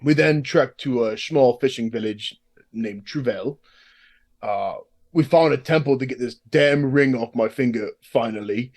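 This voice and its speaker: A man at a mid pitch gives a casual recap as a player in a tabletop game. He rambles and hedges, leaning on filler words as he goes. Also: unhurried, a little mellow.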